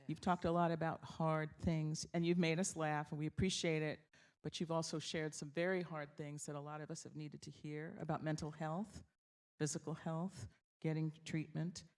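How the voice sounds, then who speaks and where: A woman's voice: low-pitched, flat delivery, normal speed, a little mellow. A woman moderating an onstage conversation in a theater, earnest and appreciative, with some "um" fillers. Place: theater stage.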